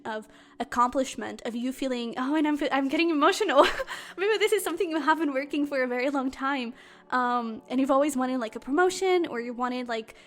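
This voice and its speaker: A woman doing a pick-a-card tarot reading to camera, effusive and excitable, with lots of fillers. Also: sits high. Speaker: tarot reader.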